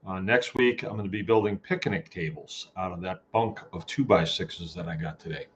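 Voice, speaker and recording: A man's voice: low-pitched, moderate pace, slight background noise. A man hosting a casual farming live chat from his farm, folksy and rambling as he greets viewers by name. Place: home farm.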